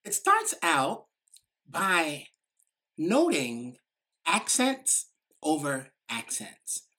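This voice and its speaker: A woman with a New York accent giving a motivational talk, quick and emphatic, with many "like" fillers. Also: low-pitched, huge pitch swings, sharp tone, husky. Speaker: speaker.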